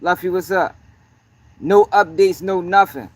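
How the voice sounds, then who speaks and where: A man's voice: high-pitched, unhurried, no echo. A man hosting a livestream, talking casually and profanely, dropping "yo" constantly and breaking off to greet people in the chat. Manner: profane, peppers talk with "yo"; greets chat between points. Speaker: livestream host.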